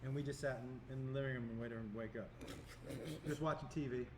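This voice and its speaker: A man's voice: mid-range voice, steady tone, fast talker. A man, a comedian co-hosting a casual podcast, who tells stories and laughs his way through the punchlines. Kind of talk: casual chat.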